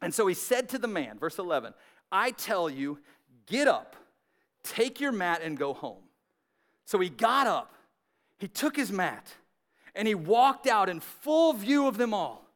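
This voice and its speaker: High-voiced man preaching an animated sermon. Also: a little slow. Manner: animated storytelling, acting out characters, frequent "like" and "right?". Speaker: pastor. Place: church service with several campuses.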